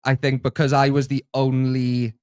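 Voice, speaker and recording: A man's voice: mid-range voice, completely flat delivery, moderate pace, darkish tone, clear, resonant tone, no echo, clean studio sound. A man co-hosting a casual chat, easygoing and hesitant, often restarting his sentences. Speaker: co-host, the host's editor.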